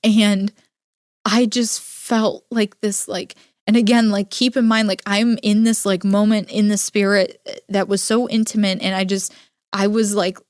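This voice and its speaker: A young adult woman hosting a podcast, telling a personal story in an earnest, halting way with many filler words. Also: mid-range voice, level tone, no room sound, clean studio sound. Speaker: podcast host. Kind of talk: personal storytelling, casual monologue.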